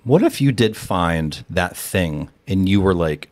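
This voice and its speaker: A man hosting a podcast, talking in a thoughtful, measured way. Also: deep voice, expressive, a little mellow, no room sound. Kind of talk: casual podcast conversation.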